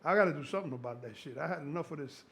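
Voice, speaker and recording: Gravelly, excitable man in his sixties. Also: a little high, rapid-fire. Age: 60s. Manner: excitable, profane, rambling storyteller. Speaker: strength coach. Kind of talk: casual conversation.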